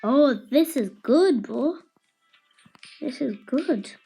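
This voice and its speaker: A woman's voice: high voice, lively intonation, slow, vocal fry, warm tone, soft background music, low-quality recording. A woman giving casual, chatty commentary while playing a video game, playful and tripping over her words. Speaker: gameplay commentator.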